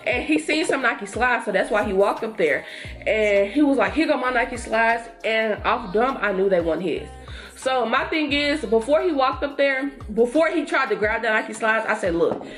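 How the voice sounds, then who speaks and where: A young woman vlogger casually telling a storytime to her viewers while getting ready, chatty and animated. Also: fairly high pitch.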